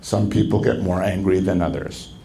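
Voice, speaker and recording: A man speaking as a marriage counselor at a conference, lecturing in an animated way and acting out quoted speech with sharp jumps in pitch. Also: normal speed, creaky, poor audio. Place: conference venue.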